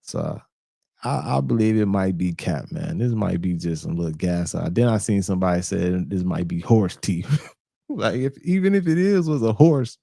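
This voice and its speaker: A man's voice: deep voice, animated, normal speed, gravelly, mellow, dry recording, clean studio sound. A man hosting a reaction video, talking loosely and profanely in slang, disbelieving what he watches. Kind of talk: casual reaction commentary.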